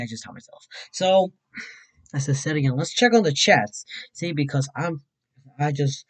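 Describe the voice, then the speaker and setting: A man from Mexico hosting a casual weather livestream, excitable and rambling, often repeating himself. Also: on the high side, low-quality recording.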